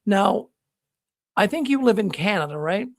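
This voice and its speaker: Gravelly rambling male call-in host. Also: high voice, lively intonation, normal speed, dry recording. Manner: rambling storyteller with many restarts. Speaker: host of a call-in livestream show. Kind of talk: casual live call-in talk.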